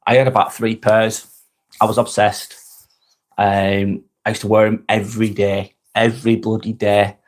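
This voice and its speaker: A man's voice: lowish voice, little pitch movement, normal speed. An English man, middle-aged, hosting a live vlog, chatting casually with viewers, rambling and repeating himself and swearing freely. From England. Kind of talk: casual live-stream chat.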